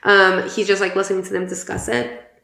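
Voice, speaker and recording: A woman's voice: mid-range voice, monotone, a little fast, bright, forceful tone. A young woman hosting a podcast in casual chat, chatty and gossipy, swearing freely and filling her talk with "like" and "um". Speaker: podcast host. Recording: roomy echo.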